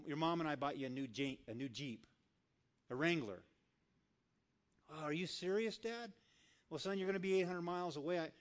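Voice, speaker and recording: Male guest preacher, a bit high-pitched, animated storyteller who voices his characters. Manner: animated storyteller acting out voices, dropping soft for quiet lines. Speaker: guest speaker. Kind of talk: sermon storytelling.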